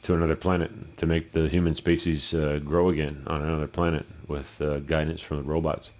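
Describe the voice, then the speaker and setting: Man, middle-aged, very deep voice, rambling gameplay commentary, swears constantly, mutters to himself. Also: little pitch movement, fairly quick, darkish tone. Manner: profane, rambling, talks to himself. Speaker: gameplay streamer.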